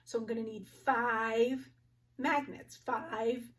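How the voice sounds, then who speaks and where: A woman teaching a phonics lesson to young children, slowly sounding out each word with clear articulation. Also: fairly high pitch, steady tone, far from the mic.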